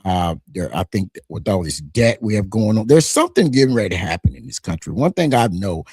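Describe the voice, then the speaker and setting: A middle-aged American man hosting his own commentary channel, his husky voice swinging up and down with lively energy. He talks casually and emphatically, stumbling over restarts as he pushes his points. The sound is dry and close. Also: lowish voice, brisk, dry recording. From United States. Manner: animated, emphatic, frequent restarts. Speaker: channel host.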